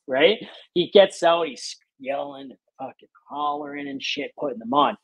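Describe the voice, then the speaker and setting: A man's voice: high-pitched, moderate pace, vocal fry, dry recording, dull audio. A man hosting a podcast, telling casual, profane work stories and acting out what people said. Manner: profane, animated storyteller who acts out quotes. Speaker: podcast host. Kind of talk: casual storytelling chat.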